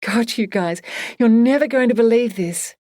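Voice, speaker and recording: A woman voicing an excitable young woman artist in a storybook, talking in a rushed, rambling way. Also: medium pitch, no echo, clean studio sound, lightly acted. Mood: excited.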